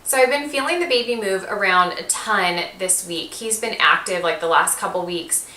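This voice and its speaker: A woman chatting through a pregnancy vlog in a bright, forceful voice, leaning on "like" as she talks. The recording has a noticeably echoey room sound. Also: medium pitch, moderate pace. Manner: chatty, lots of "like" fillers, quotes her own thoughts. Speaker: vlogger. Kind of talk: casual pregnancy update vlog.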